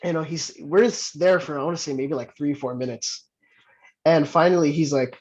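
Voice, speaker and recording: A man from Southern California, a pro wrestler guest, telling a story in casual chat, animated, laughing often and restarting his sentences. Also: fairly high pitch, normal speed. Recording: muffled lo-fi sound.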